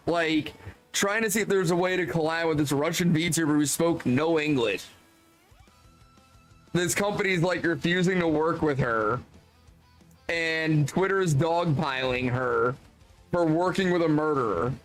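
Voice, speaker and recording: High-voiced man ranting on stream. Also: a little slow, soft background music, poor audio. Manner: exasperated, profane ranting with many "like" fillers. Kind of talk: casual stream commentary.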